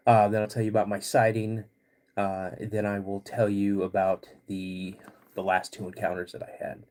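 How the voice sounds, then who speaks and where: A middle-aged man hosting a casual livestream, laid-back and rambling, clearing his throat often as he gets over a cold. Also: fairly low pitch, monotone, moderate pace, a little mellow. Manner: laid-back and rambling, greets chat viewers between stories. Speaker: podcast host.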